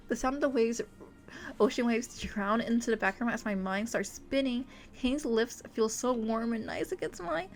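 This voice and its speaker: A woman's voice: on the high side, moderate pace, faint music behind. A young woman streamer reading a romance visual novel aloud, breaking in with giggly, gushing asides. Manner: giggly, gushing asides between dramatic narration. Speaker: VTuber streamer.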